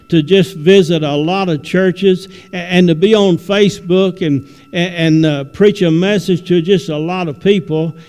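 A man with a high voice preaches a plain, folksy sermon, stumbling and restarting as he goes. His voice rings with a long reverb through the church sanctuary. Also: a little mellow, smooth. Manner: folksy, repeats words and restarts often. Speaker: visiting preacher.

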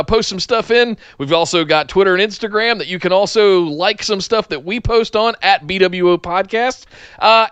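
A man's voice: high-pitched, fairly bright tone, smooth, no room sound. A man hosting a casual podcast, running through upbeat promotional plugs with frequent "uh" fillers. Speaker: podcast host.

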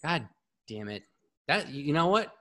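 A man hosting a live podcast, talking in a casual, excitable, rambling way and swearing freely. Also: fairly high pitch, unhurried. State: a bit out of breath. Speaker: podcast host.

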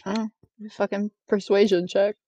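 A woman's voice: medium pitch, little pitch movement, measured pace, dark tone, lo-fi sound, a little hiss or hum. Rambling woman at a game table. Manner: rambling, swears casually. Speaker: player. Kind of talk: casual tabletop game chat.

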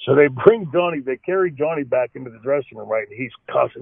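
A man's voice: mid-range voice, animated, fast, gravelly, slightly rough, no echo. A former wrestler tells his old road stories in a loose, rambling way. He circles back, repeats words and fills gaps with "you know." His voice sits in a middle register and comes through a dry, tinny, phone-like line. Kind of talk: storytelling interview answers.

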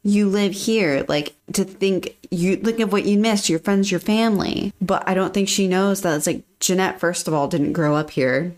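A young woman co-hosting a casual book discussion, opinionated and quick to rant about the characters. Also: medium pitch. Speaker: podcast co-host.

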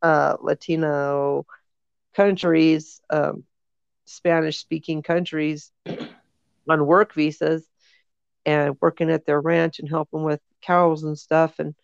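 Gravelly woman, casual podcast chat. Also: low voice, little pitch movement, takes it slowly, no room sound. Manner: rambling storyteller, many fillers. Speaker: podcast co-host. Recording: dull lo-fi dry recording.

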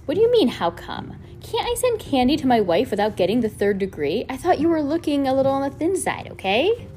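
Brief: woman reading an exasperated husband in a storybook, indignant and defensive, voice pushed up high. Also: sing-song, brisk, warm tone, a little hiss or hum. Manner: indignant, protesting.

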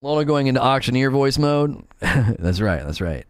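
A man's voice: normal speed, dry recording, studio quality. A man chatting casually on a live stream while playing a game, reading viewer messages aloud and answering them. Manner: chatty, reads chat aloud, animated swings in pitch.

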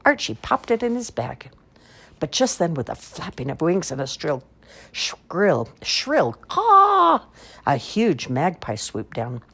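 A woman reads children's storybooks aloud in a low, husky voice with some creak. Her telling rises and falls in lively, expressive swings. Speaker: storybook reader. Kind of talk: reading children's stories aloud.

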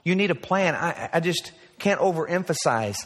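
A man's voice: a little high, animated, normal speed, fairly bright tone. A pastor in his forties preaching an earnest, story-driven sermon. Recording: played sermon recording with long reverb.

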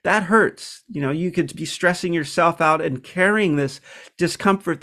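A man's voice: sits high, fairly bright tone. A man hosting a self-help episode, talking casually and reflectively with frequent ums and restarts. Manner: reflective, many fillers and restarts. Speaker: podcast host.

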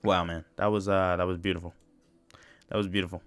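A podcast host rambles through casual chat, cursing freely and repeating phrases. His voice sits low with a level tone, moves fairly quickly, and has no echo.

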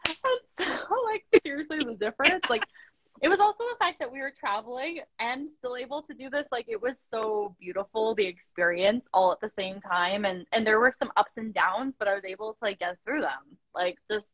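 A woman's voice: on the high side, animated, normal speed, fairly bright tone, no room sound, rough recording. Young woman rambling on a video call, lots of likes, dry close sound. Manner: chatty, many fillers and quoted asides. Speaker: coaching client, business owner. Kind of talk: casual video-call chat.

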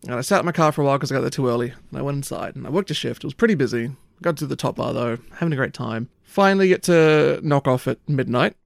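A man's voice: mid-range voice, quick pace, creaky, few pauses, dry recording, studio quality. A man telling a long, rambling story in casual chat, swearing often. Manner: rambling anecdote, frequent swearing and "like".

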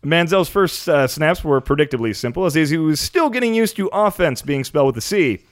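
A man's voice: on the high side, lively intonation, a little fast, no echo. A man hosting a podcast, reading sports news with wry asides. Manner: dry, reads headlines with wry asides. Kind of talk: casual sports comedy chat.

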